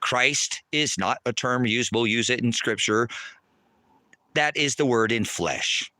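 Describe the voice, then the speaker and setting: A man on a livestream, ranting angrily at his chat, swearing and preaching, loud one moment and lecturing low the next. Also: slow, dry recording. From United States. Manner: angry, profane and preachy, swings between shouting and low lecturing. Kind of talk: heated livestream rant to chat.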